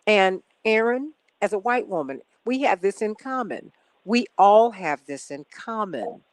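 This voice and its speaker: A woman's voice: medium pitch, animated, unhurried, no room sound, low-quality recording. A woman hosting a live radio talk show, speaking with an impassioned, preacherly cadence.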